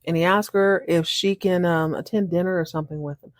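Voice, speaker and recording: Lady podcaster recapping a show, super animated, laughs a lot, does little voices, dry close sound. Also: on the low side, fairly quick, dry recording. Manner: animated, acts out characters' lines in shifting voices; laughs often. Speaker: podcast host recapping a TV episode. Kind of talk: casual recap monologue.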